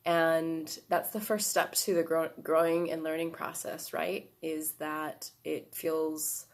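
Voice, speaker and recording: A woman giving a casual self-help lesson, relaxed and encouraging, often checking in with "right?" and fillers. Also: on the low side. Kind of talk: casual instructional talk.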